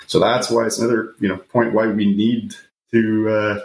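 Deep-voiced, hesitant male guest. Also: little pitch movement, a little mellow. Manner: hesitant, measured, many fillers. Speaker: immunologist guest. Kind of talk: casual panel discussion. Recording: roomy remote audio with faint hiss.

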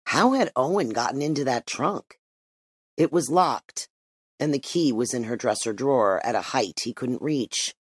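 A narrator reading a literary story aloud in an expressive, measured way. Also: medium pitch, breathy edge, dry recording. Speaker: audiobook narrator.

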